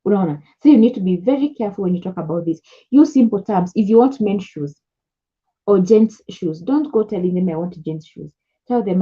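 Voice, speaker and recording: A woman's voice: lowish voice, warm tone, slightly rough, dull audio. Kenyan woman giving chatty business advice. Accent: Kenyan English. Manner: chatty, repeats key points, mixes English with Swahili. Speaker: import business coach. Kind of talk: casual advice talk to camera.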